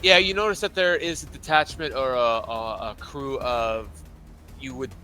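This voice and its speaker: Man, game master, tabletop narration, bright forceful voice, rambling with fillers. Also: mid-range voice, normal speed. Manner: loose and rambling, full of fillers.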